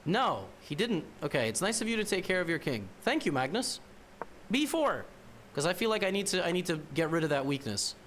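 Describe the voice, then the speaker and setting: A man's voice: high voice, big pitch swings, a little fast, a bit bright, a little hiss or hum. A man streaming a chess game, thinking aloud and muttering to himself, repeating words as he works through moves and now and then teasing his opponent. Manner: wry teasing banter at the opponent.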